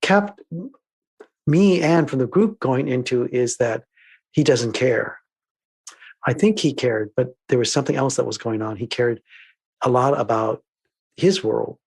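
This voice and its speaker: In a reflective interview, a guest who works as a diversity trainer and filmmaker recounts his workshops, acting out the dialogue and moving between soft and emphatic delivery. His mid-range voice is a little slow, with vocal fry, a breathy edge, and frequent pauses.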